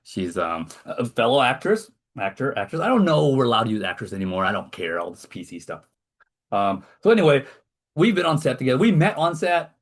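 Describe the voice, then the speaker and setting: A man's voice: mid-range voice, very animated, brisk. A man hosting a casual podcast over a video call, rambling and self-deprecating as he talks. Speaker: podcast host. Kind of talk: casual chat.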